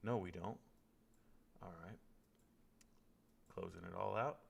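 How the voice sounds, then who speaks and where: A man's voice: low voice, slow, vocal fry, slightly rough. A young man hosting a casual live stream, joking and trash-talking as he reads viewer comments. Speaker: livestream host reacting to fights.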